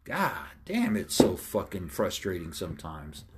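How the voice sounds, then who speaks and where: A man hosting a podcast, ranting alone in a loud, blunt way, swearing constantly and acting out both sides of past conversations. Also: sits low, huge pitch swings, unhurried, background noise. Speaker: podcast host. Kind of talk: profane solo rant.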